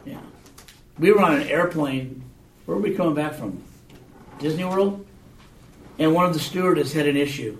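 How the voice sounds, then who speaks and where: A man's voice: fairly high pitch, moderate pace, pauses often, slight background noise. Man teaching a Bible class. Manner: conversational, checks in with rhetorical questions. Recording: echoey room, mic far off.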